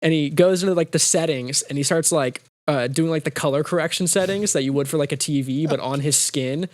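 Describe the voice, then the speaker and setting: A young man with a slightly high voice tells a long movie story in a loose, rambling way. He keeps dropping into quick character impressions. The sound is dry and close, with no room around it. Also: a little mellow, dry recording. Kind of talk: casual chat, retelling movie scenes.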